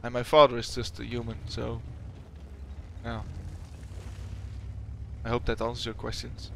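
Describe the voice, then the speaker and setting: A young man from the Netherlands with a Dutch accent, a YouTuber casually reading out viewer questions and answering them with giggles and halting fillers. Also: mid-range voice, monotone, creaky, a little hiss or hum. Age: young adult. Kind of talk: casual Q&A chat.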